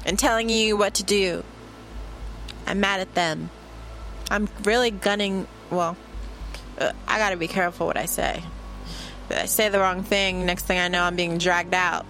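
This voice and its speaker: A woman's voice: lowish voice, fairly bright tone. Brash, boastful woman talking trash. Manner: brash, boastful, playful trash talk with bursts of laughter. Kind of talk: casual profane monologue. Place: in her room.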